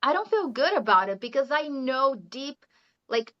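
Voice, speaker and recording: Very animated and sitting high in pitch, a Brazilian woman talks at a normal speed as a casual interview guest. She teaches English and speaks it with a Brazilian Portuguese accent, laughing frequently and leaning on "you know," heard through muffled lo-fi audio.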